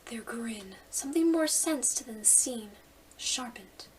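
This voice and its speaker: A woman reading a story aloud in a soft, hushed whisper, on a slightly distant mic. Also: fairly high pitch, expressive, slow pace, a little hiss or hum. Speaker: fanfiction reader.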